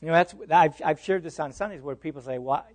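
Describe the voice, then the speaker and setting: Animated high-voiced man teaching. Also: fast talker. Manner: animated, quizzes listeners, repeats and restarts words. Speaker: pastor teaching a class. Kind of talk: interactive Bible teaching.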